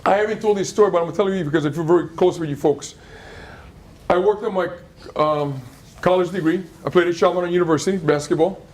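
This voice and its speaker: A middle-aged man tells a life story to a school audience. His voice sits high and light for a man. He keeps the kids involved with questions and repeated phrases. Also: fast, a little mellow. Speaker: motivational speaker at a school.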